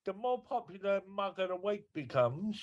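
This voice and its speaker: A man's voice: sits high, expressive, normal speed. Cheeky man on muffled video call. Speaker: podcast co-host on video call. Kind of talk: casual banter.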